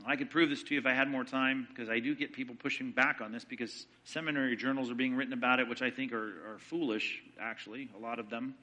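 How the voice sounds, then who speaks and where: A man delivers a theology teaching in sermon style. His voice is very bright and sits at a middle pitch. He keeps a brisk, conversational pace and poses rhetorical questions that he answers himself. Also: steady tone. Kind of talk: sermon-style Bible lecture.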